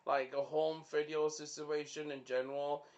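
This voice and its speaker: A man's voice: a little high, little pitch movement, normal speed, a little mellow, dull audio. Giggly, rambling young man. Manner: giggly, breaks into fits of laughter; rambling, full of "like" and "you know" fillers. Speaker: podcast host. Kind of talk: casual chat.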